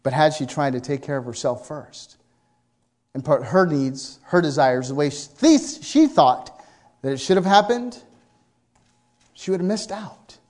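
A man preaching a sermon, telling a story with lively asides and acting out characters in excited voices. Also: a little high, unhurried, pauses often.

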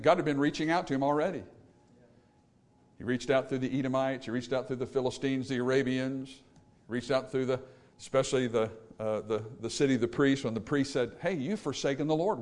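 Brief: male pastor, fiery sermon delivery that drops to hushed pleading. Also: medium pitch, fairly even intonation, brisk. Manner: fiery, swinging from loud emphasis to hushed pleading. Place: church sanctuary.

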